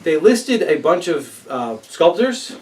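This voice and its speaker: A man's voice: a little high, big pitch swings, takes it slowly, a little mellow, recorded from a distance, slight background noise. A man co-hosting a casual chat about tabletop miniatures, upbeat and prone to stumbling over names. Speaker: co-host. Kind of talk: casual chat reviewing crowdfunding campaigns.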